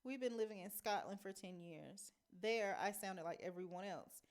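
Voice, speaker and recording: A woman's voice: medium pitch, moderate pace, natural voice. A woman reading a novel aloud, voicing a wary young girl who speaks in a guarded, hesitant way.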